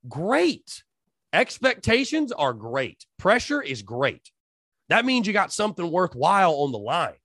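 A man hosting a solo sports podcast, talking straight to his listeners in an animated, hype-filled way. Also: medium pitch, no echo, clean studio sound. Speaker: podcast host.

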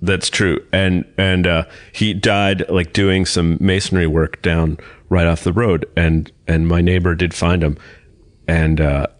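A man's voice: low-pitched, level tone, a little slow. A man guest on a podcast telling rambling anecdotes, with frequent restarts, in a casual chat. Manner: rambling storyteller with many restarts.

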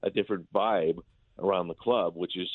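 A man's voice: sits low, fairly even intonation, normal speed, gravelly, husky, no echo. A man, a baseball broadcaster, talking casually about his team, often stumbling and repeating words as he restarts his sentences. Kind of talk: casual sports talk by phone. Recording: tinny phone line.

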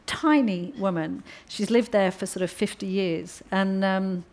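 A woman author as a guest, telling an anecdote in conversation with a lively, laughing manner. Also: mid-range voice, measured pace. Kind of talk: storytelling in a conversation.

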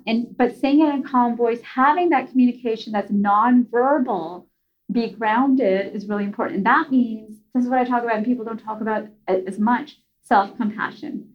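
A woman speaking in an earnest conversational way, telling a story with restarts and soft asides. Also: on the high side. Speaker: guest parent speaker. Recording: slightly dull lo-fi sound.

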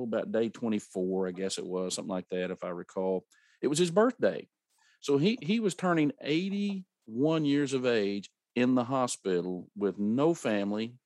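A man's voice: mid-range voice, dry recording. Folksy man in his fifties, dry sound. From rural America. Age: 50s. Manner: earnest, folksy, animated when telling a story. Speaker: podcast host. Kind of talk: conversational interview, storytelling.

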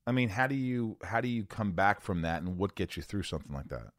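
Male host, lowish voice, lively and fast, dry sound. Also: dry recording. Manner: enthusiastic, animated, jumps in with reactions. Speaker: podcast host. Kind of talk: casual interview chat.

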